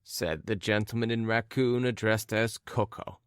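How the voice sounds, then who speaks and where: A man narrating a classic story in a measured, even storytelling manner. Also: on the low side, clear, resonant tone, no room sound, studio quality. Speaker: audiobook narrator. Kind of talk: scripted narration.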